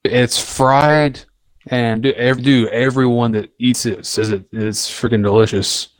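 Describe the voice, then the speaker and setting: A young man chatting casually on a close, dry microphone. He tells stories with animated, loudly acted-out quotes, and his voice sits at an ordinary middle pitch. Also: measured pace, clear, resonant tone, no echo. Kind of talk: casual chat.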